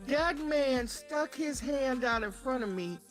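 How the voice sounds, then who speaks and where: Woman, high voice, animated profane storyteller, faint music behind. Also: measured pace. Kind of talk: casual storytelling.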